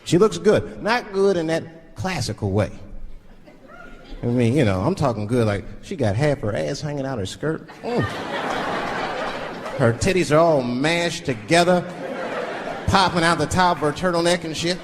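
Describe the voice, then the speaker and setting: A man's voice: fairly high pitch, expressive, moderate pace, pauses often. A male stand-up comedian telling crude stories and acting out the people in them, on a large theater stage with a handheld mic. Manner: storytelling, acts out characters, crude. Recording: live hall with audience laughter. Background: audience laughter and crowd noise.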